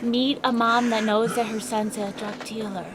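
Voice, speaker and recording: A woman's voice: a little high, flat delivery, normal speed, a loud crowd. A woman co-hosting a podcast in casual comedic chat, playful and teasing and laughing often. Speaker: podcast co-host.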